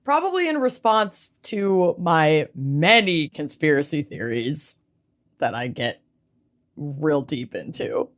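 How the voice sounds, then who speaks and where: Slow-talking joking woman co-host. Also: deep voice, animated. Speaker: podcast co-host. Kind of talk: casual chat.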